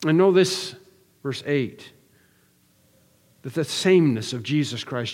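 A man's voice: medium pitch, animated, moderate pace, long pauses, a little mellow, big-room sound. A man preaching an expository sermon, earnest and emphatic, building through repeated phrases with frequent restarts. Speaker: pastor.

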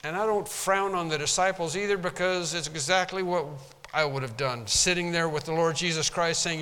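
A man preaching from the pulpit, emphatic and stressing his words. His voice sits high for a man and sounds bright and forceful. A long reverb hangs behind him from the sanctuary. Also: normal speed, smooth. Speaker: pastor. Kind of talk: sermon. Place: church sanctuary.

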